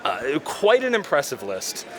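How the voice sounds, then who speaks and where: A man's voice: mid-range voice, huge pitch swings, unhurried, fairly bright tone. A man interviewing a guest at a convention, hesitant and fumbling, with frequent restarts. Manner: hesitant, many fillers and restarts, laughs nervously.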